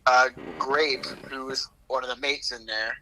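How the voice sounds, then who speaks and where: A man's voice: medium pitch, fairly even intonation, a little slow, a crowd in the background, poor audio. A man chatting casually as a co-host on a live stream, often stumbling and repeating words as he starts.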